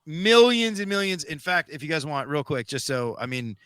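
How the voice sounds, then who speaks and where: A man with a high, bright voice and a forceful edge hosts a casual podcast chat. He jumps in eagerly and keeps it loose, calling his guest bro. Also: very animated, moderate pace, smooth, no room sound, studio quality. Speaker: podcast host.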